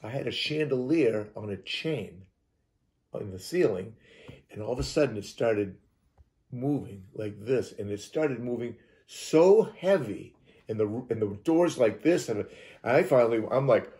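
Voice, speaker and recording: A man's voice: medium pitch, expressive, normal speed, darkish tone. A man from Utah telling a strange personal story as an interview guest, acting out sounds and quoted lines with frequent restarts. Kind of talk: animated storytelling.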